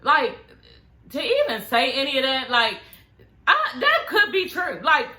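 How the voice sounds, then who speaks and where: Woman, young, sassy recap vlogger, bright voice, echoey room. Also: sits high, very animated, unhurried. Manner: sassy, profane, outspoken. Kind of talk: casual recap commentary.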